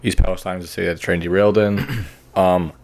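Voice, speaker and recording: A man hosts a podcast in a low, darkish voice, talking fast with fairly even intonation. His chat is crude and casual, full of swearing and frequent laughter, and he tends to trail off mid-sentence.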